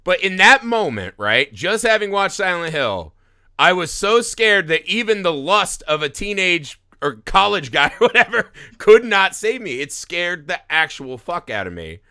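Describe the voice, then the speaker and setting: A man in his thirties from the US Midwest hosts a casual podcast chat. His voice is bright and sharp, and it leaps all over as he acts out screams and curses through a story. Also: high voice, measured pace, clear, resonant tone. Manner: animated, swearing, acts out shouts and laughs while telling stories. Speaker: podcast host.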